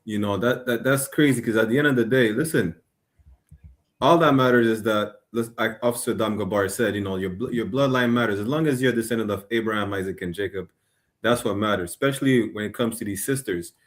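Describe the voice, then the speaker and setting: A man with a lower voice chats casually among fellow street preachers. He stumbles and repeats words before getting to his point. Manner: halting, stammers before points.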